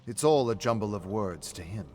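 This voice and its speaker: Low-voiced male storyteller. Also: animated, moderate pace, mellow. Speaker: narrator. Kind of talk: storytelling narration.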